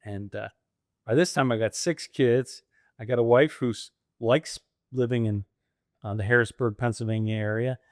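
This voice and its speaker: Middle-aged American man, lively storyteller, laughs a lot, dry close recording. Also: mid-range voice, normal speed, dry recording. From United States. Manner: animated storyteller acting out quoted voices, laughs often. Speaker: franchise owner guest. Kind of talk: casual storytelling interview.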